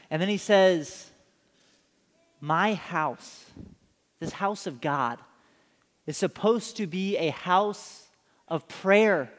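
A man preaching a sermon, telling stories in an animated way and acting out the scenes. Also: high voice, in a large hall. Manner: animated storytelling, acts out scenes. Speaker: pastor.

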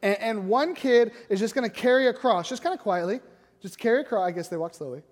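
A man's voice: high-pitched, fast talker. A man, a youth pastor, telling a story in a casual sermon and often tagging lines with "right?". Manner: conversational, keeps asking "right?". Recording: long echoing hall reverb.

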